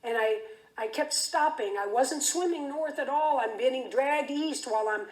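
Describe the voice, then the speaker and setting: A woman's voice: high voice, moderate pace. A woman giving a keynote speech, telling an intense story vividly with frequent restarts. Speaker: keynote speaker. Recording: roomy echo.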